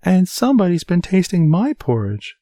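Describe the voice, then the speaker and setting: Tiny shrill baby bear in a storybook, squeaky and high. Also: male voice, wildly swooping pitch, moderate pace, dark tone, no room sound, studio quality, heavily acted. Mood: upset.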